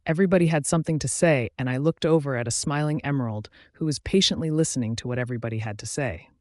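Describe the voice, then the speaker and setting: A man narrating a first-person audiobook in a steady, even reading voice. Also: mid-range voice, fast talker, dry recording, studio quality.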